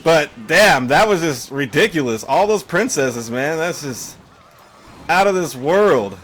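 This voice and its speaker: A man giving live gameplay commentary, excitable and panicky, quick to laugh and curse. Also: fairly high pitch, a little hiss or hum. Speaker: gaming YouTuber.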